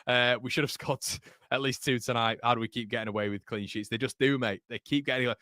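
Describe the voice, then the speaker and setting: Chatty bright-voiced football streamer. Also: male voice, medium pitch, steady tone, fast talker, no echo, clean studio sound. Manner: chatty, reads out viewer comments; repeats words and restarts. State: tired. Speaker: football channel host. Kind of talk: live match watchalong chat.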